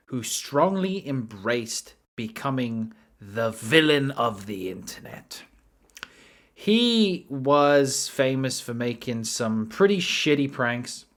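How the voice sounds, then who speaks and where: A man's voice: mid-range voice, a bit bright. A man giving casual, chatty commentary, often tagging his sentences with "right?". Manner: chatty, tags lines with "right?". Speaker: commentary YouTuber.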